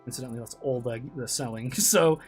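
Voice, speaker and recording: A man's voice: mid-range voice, quick pace, husky, faint music behind. A man streaming a zoo-building game, chatting casually with viewers in a rambling way, restarting sentences and swearing often. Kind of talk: casual live-stream chat.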